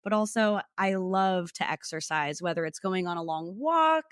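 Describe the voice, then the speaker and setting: A woman's voice: lowish voice, expressive, moderate pace, clear, resonant tone, dry recording, clean studio sound. A young woman from New Jersey, a food content creator talking as a podcast guest in a bubbly way, often laughing as she speaks. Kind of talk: casual interview chat.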